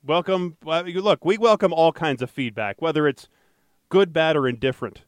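A man with a smooth, slightly higher-pitched voice co-hosts a casual podcast, chatting his way through odd news items. He jokes, loses his thread and corrects himself, all in a close, dry recording. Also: expressive, fairly quick, no room sound. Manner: rambling, self-correcting, jokey. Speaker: podcast co-host and traffic anchor.

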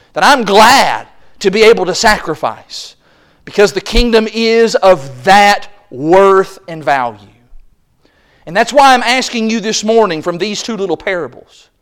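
A man preaching a sermon at a church service, impassioned, building to loud exclaims and acting out the voices he quotes. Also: high-pitched.

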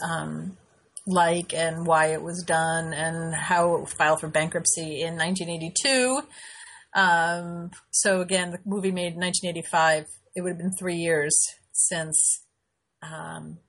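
A middle-aged woman hosting her own show, chatting casually and rambling with frequent pauses and laughs. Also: fairly low pitch, fairly bright tone, breathy edge. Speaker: show host. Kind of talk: casual live-stream chat.

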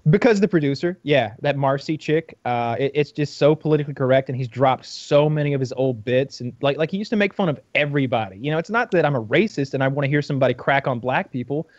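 A man's voice: mid-range voice, expressive, quick pace, hardly any pauses, no room sound. A man in casual podcast chat, blunt and opinionated, with stammering restarts. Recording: dull dry mic sound.

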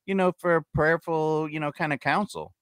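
Bright, smooth-voiced man, halting. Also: on the high side, steady tone, dry recording, clean studio sound. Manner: halting, many restarts and fillers. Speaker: guest. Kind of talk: casual conversation.

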